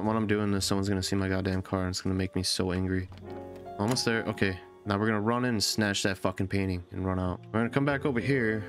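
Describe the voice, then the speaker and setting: A man giving profane, excitable let's-play commentary as a gaming YouTuber, often yelling at the game. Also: on the low side.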